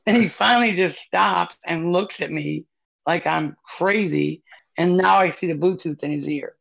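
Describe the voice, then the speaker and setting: A woman co-hosting a podcast tells a rambling story, full of fillers. Her voice has a gravelly fry to it. The recording sounds muffled and lo-fi. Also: fairly low pitch, normal speed. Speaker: podcast co-host. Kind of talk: casual podcast chat.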